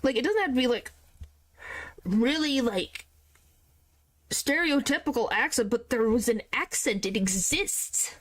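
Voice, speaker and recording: A woman's voice: fairly high pitch, lively intonation, unhurried, pauses often. A young woman streaming a game, chatting casually to her viewers and reacting with rambling exclamations. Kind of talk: casual gameplay commentary.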